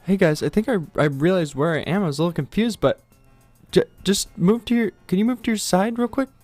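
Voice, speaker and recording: A man's voice: sits high, fairly quick, a little mellow, no room sound, soft background music. A man playing a chatty, confused teacher appearing on a TV screen, rambling and restarting his sentences.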